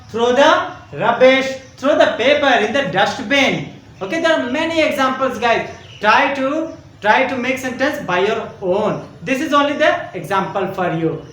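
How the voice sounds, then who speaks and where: A man teaching a grammar lesson to young children. He talks slowly, repeats himself, spells out words letter by letter and keeps checking in with "okay?". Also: extremely high pitch, fairly bright tone, recorded from a distance. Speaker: school teacher. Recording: very echoey room, voice away from the mic.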